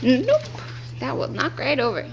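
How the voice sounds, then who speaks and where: A young woman filming at home indoors, gently coaxing a toddler and laughing often. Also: high voice, huge pitch swings, a little slow, dull audio, slight background noise. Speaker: parent filming her child. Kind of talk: casual home video.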